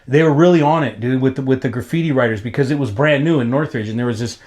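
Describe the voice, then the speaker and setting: A man in his fifties from Los Angeles, telling stories in a casual interview, profane and slangy, rambling with restarts and jumping up in pitch when excited. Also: fast talker. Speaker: graffiti writer being interviewed.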